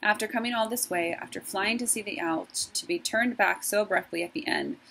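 A woman teacher reading a novel aloud to her class in a steady storytelling voice. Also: mid-range voice, fairly quick, gravelly, slight background noise, poor audio.

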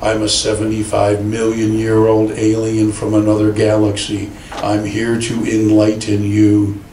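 A man voicing an ancient male alien spirit, announcing himself slowly and solemnly. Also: monotone, dark tone, a little hiss or hum, lightly acted. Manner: slow, deep, announcing. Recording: roomy church sound from a distant mic.

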